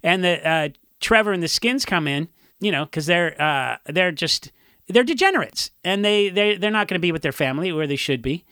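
A man from Orange County, a punk musician, telling rambling, animated stories in a casual interview and acting out what others said. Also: sits high, moderate pace, smooth, no echo, clean studio sound. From Orange County, California. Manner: rambling, animated storytelling with acted-out quotes.

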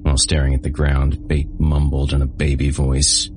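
A man's voice: a bass voice, monotone, moderate pace, hardly any pauses, darkish tone, a little hiss or hum. A man narrating a story in the first person with a dry, sardonic delivery.

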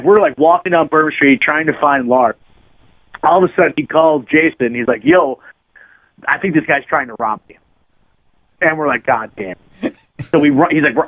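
A man's voice: fairly high pitch, no room sound. A man telling a long, profane story as a podcast guest, rambling and full of "like" fillers. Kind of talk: casual anecdote storytelling. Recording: narrow phone-line sound, dry.

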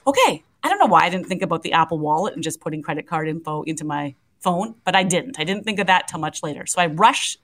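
A woman's voice: lowish voice, quick pace, few pauses, poor audio. A middle-aged woman, a radio co-host, telling a story with lots of laughter and acted-out voices. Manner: lively, laughing, acts out voices in her story. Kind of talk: animated storytelling on morning radio.

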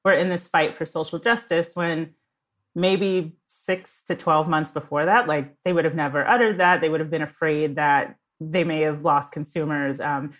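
A woman's voice: low-pitched, a bit bright. A woman speaking as a podcast guest, thoughtful and conversational, laying out her views. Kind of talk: casual chat.

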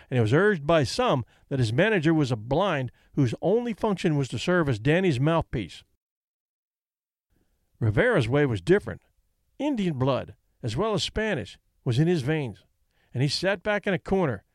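Expressive male audiobook narrator. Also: a little high, dry recording, studio quality. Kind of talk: scripted narration.

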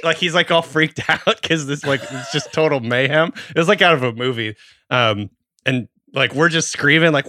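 A man's voice: a little high, normal speed, sharp tone, no echo. A man in his thirties co-hosting a podcast, telling a story in casual chat and swearing freely. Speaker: podcast host.

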